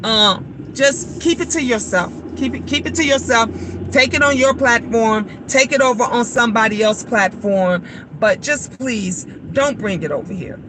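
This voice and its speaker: A woman's voice: fairly high pitch, noisy background. A woman in her fifties chatting frankly and animatedly to her viewers after work, acting out the people she quotes. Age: 50s. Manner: animated, frank and blunt, acts out quoted voices. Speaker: vlogger. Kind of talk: casual chat.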